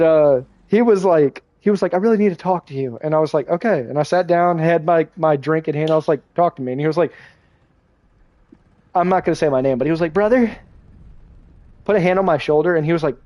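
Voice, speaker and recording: A young man chats his way through a livestream, wandering from one story to the next with easy, offhand swearing. His voice sits a little higher than most men's, and the mic sounds close and dry with no room echo. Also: quick pace, a little mellow. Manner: rambling storyteller, swears casually. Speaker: streamer. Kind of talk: casual livestream chat while gaming.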